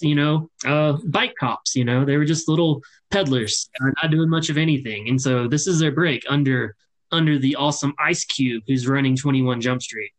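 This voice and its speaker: A man's voice: mid-range voice, rough recording. Man explaining at length on a podcast. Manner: hedging, many fillers, explains at length. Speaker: podcast co-host. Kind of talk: casual chat.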